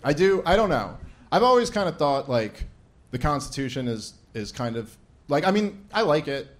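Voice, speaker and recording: A man's voice: a little high, big pitch swings, normal speed. Man doing a rambling stand-up set, sarcastic, handheld mic on stage, faint hiss. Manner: sarcastic, rambling, laughing at his own jokes. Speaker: stand-up comic opening an event. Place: event stage with a live audience.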